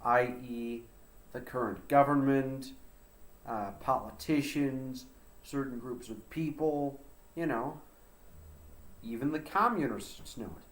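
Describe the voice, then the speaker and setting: An American man talks slowly and loosely on a livestream, rambling from one point to the next. He slips into broken French and Dutch at times. The room gives his voice a clear echo. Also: mid-range voice. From United States. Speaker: livestream host. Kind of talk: casual livestream chat.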